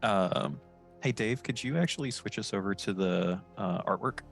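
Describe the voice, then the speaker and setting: A man's voice: on the low side, moderate pace, gravelly, faint music behind. A man narrating as game master, casual and hesitant with many fillers.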